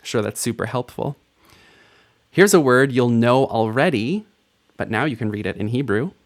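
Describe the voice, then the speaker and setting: A man's voice: medium pitch, animated, moderate pace. A man teaching a recorded language lesson, playful and self-mocking, laughing at his own jokes.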